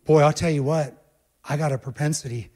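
A male pastor preaches emphatically to his congregation, addressing them directly and alternating between hushed, low passages and raised, urgent ones. His intonation is fairly even and his pace a little fast.

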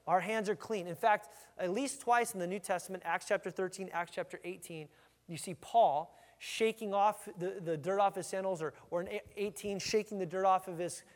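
Man, pastor, high voice, energetic emphatic sermon, long church reverb. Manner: energetic, emphatic preaching with frequent restarts.

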